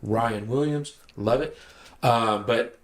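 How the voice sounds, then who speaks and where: A man from Alabama, co-hosting a podcast in relaxed, easygoing chat. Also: mid-range voice, takes it slowly. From Mobile, Alabama. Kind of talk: casual chat.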